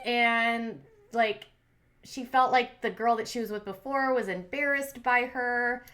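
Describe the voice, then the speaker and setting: A woman's voice: a little high, fairly even intonation, a little slow, a bit bright. A woman hosting a commentary channel, recapping a reality show in a chatty, opinionated way with lots of "like" and "um". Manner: chatty, heavy use of "like" and "um"; opinionated, cheering and scolding the people she recaps.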